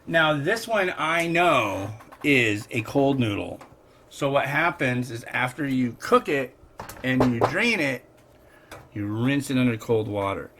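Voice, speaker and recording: Rambling, slow-talking man in a noisy kitchen. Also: medium pitch, expressive, fairly bright tone. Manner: rambling, chatty, wry asides. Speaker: host. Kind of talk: casual cooking vlog chat. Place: home kitchen. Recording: noisy kitchen with clicks and crinkling.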